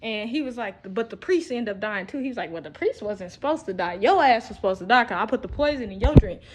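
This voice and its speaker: A woman's voice: medium pitch, expressive, fast. A young woman, talking in a rambling, profane monologue for a posted video. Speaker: vlogger. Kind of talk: casual recorded video monologue.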